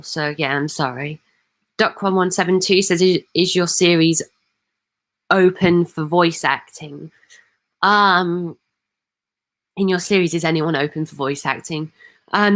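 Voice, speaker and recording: A woman, chatting on a livestream. Her voice sits on the low side, and she works through viewer comments hesitantly, with plenty of ums and restarts. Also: a bit bright. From Manchester, England. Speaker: livestream host. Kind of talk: casual livestream chat, reading viewer comments.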